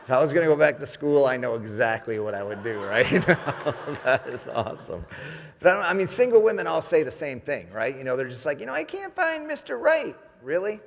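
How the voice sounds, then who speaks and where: A man's voice: medium pitch, animated, fairly quick, slight background noise. A man from New York giving a comedic motivational keynote on stage, chatty and jokey, often asking the audience "right?". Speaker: motivational speaker. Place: event stage in a large hall. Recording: long reverb of a large hall.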